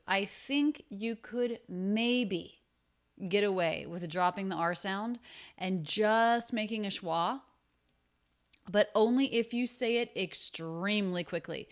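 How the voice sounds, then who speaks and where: Woman teacher at mid pitch who breaks English words down slowly and repeats them. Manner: slow and deliberate, repeats sounds to show them. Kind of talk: explaining pronunciation from a film clip.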